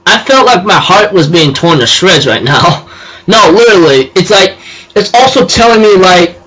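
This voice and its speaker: A man's voice: sits high, big pitch swings, moderate pace, sharp tone, breathy edge, poor audio. A man casually recapping an anime episode, rambling with many fillers and restarts. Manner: rambling, filler-heavy, self-correcting. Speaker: anime reviewer.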